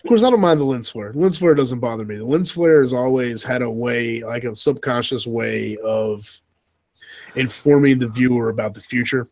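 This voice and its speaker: A man with a North Carolina Southern accent hosting a casual live reaction chat, excitable and laughing often, tripping over his words. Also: mid-range voice, normal speed, poor audio. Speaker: host.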